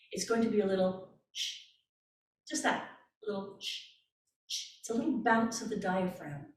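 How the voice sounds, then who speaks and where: Gentle woman voice coach, roomy echo. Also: medium pitch, distant mic, slight background noise. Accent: Canadian. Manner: calm, gentle, step-by-step guidance with demonstrated breaths. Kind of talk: guided breathing workshop instruction.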